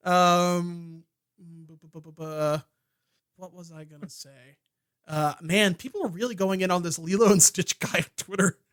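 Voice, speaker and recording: A man's voice: sits high, fairly even intonation, measured pace, fairly bright tone, clear, resonant tone. A man co-hosting a comedy podcast, chatting casually and rambling with fillers and stammers. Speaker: podcast co-host.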